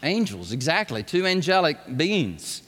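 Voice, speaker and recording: Animated preacher with a high, lively voice. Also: male voice, unhurried, breathy edge. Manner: animated, shifting from hushed to shouting, calls on the congregation. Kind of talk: sermon. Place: church sanctuary. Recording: long hall reverb.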